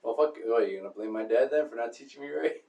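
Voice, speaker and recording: A young man co-hosting a podcast in casual chat, excitable and swearing, often repeating himself as he bickers. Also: medium pitch, fast, creaky, highs cut off. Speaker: podcast co-host. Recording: roomy, distant from the mic.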